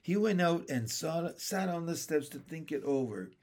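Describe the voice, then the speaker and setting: A man narrating a children's chapter book aloud, reading slowly and expressively. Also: a little high, expressive, a little mellow.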